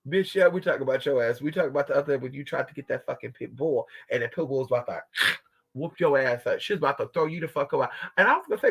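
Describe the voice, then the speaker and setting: A man's voice: very fast, creaky, slightly rough. A man talking to his viewers in a brash, profane, dramatic way, acting out the people and dogs in his story. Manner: swings between high squeals and low mutters. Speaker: livestream host.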